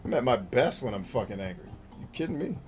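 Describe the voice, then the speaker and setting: A man hosting a gaming show, talking bluntly and profanely in casual commentary while he plays, with quick jokey asides. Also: medium pitch, animated, faint music behind. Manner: laughs easily, jokey asides.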